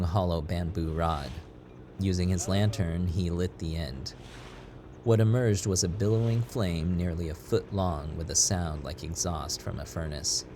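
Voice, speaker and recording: A man reading a scripted story as narrator, in a steady, measured way. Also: sits low. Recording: audible background noise.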